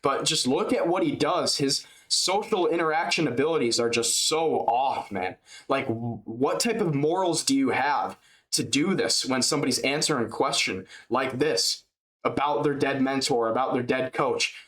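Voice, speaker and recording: A man's voice: mid-range voice, normal speed, a bit bright. A young man hosting a reaction video, rambling in an exasperated, slangy, profane way. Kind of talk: casual reaction commentary.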